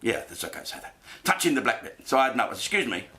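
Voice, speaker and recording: A man doing a crude, swearing comedy monologue, telling stories with lively delivery. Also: mid-range voice, racing.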